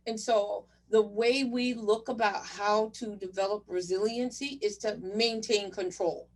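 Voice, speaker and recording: Speaking far from the mic in a virtual conference session, a woman with a medium-pitched voice and fairly even intonation gives a motivational talk to new chief residents at a measured pace. She's direct and encouraging, calling her audience "you guys."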